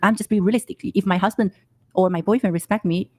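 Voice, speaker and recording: A woman guest on a podcast, defending herself in halting, broken English and repeating words. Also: mid-range voice, fairly even intonation, warm tone. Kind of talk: defensive casual talk.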